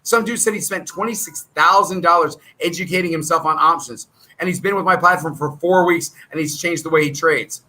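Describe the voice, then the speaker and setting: A man's voice: fairly high pitch, a little fast, pushed and bright, low-quality recording. A middle-aged man hosting his own trading channel, talking straight to viewers in a rambling, salesy, combative way. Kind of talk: casual monologue to viewers.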